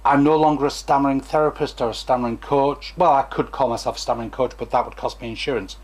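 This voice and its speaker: A man's voice: medium pitch, fairly even intonation, fast talker. A former stammering therapist, a man, gives a chatty, digressive talk to camera and acts out examples as he goes.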